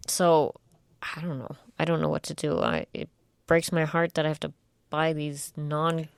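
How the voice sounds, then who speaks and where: A woman's voice: sits low, flat delivery, normal speed, creaky, clear, resonant tone, no room sound, studio quality. A woman co-hosting a casual talk show, chatty and wry, often trailing off mid-thought. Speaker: podcast co-host. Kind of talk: casual chat.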